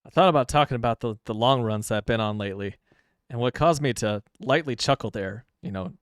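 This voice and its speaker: A man's voice: medium pitch, brisk, no echo. Chatty, self-amused man with a dry, close sound. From Midwestern United States. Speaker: streamer. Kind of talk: casual gameplay commentary. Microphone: streaming microphone.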